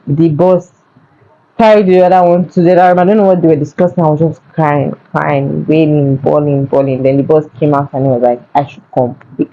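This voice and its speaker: A young woman, telling a personal story to camera in a casual, animated way, repeating words for emphasis. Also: fairly low pitch, dull audio. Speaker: vlogger. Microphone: phone.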